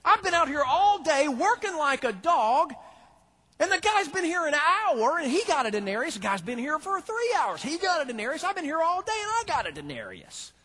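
A swaggering young vineyard laborer, all slang and bravado, talking big about his payday, as a preacher acts him out. His voice is husky and grainy, and it swoops around as he brags. He sounds like a man sure he's about to be rich. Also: on the high side, big pitch swings, fast, a bit bright, voice pushed down, heavily acted. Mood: outraged.

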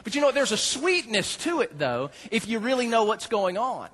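A man preaching a sermon as a pastor, folksy and joking, with animated storytelling. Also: high voice, normal speed.

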